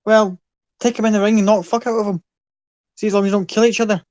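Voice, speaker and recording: A man voicing a cocky rough-and-ready male circus fighter with an Irish accent, swearing and challenging. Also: sits high, fairly even intonation, fast talker, darkish tone, no room sound, muffled recording, voice pushed up, close to an everyday voice. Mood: goading.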